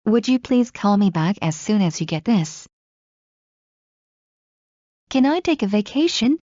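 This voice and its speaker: A woman's voice: mid-range voice, sing-song, mellow, dry recording. Woman reading phrases, dull lo-fi sound. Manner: clear, measured, evenly paced reading. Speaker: English phrase reader. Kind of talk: slow read-aloud phrase drills. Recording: dull lo-fi recording.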